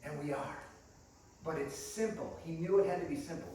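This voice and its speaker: His voice is a little high and mellow, at normal speed: a male guest preacher giving a sermon in a church sanctuary. Chatty and enthusiastic, he calls his congregation friends and laughs often, recorded from a distance in an echoey room.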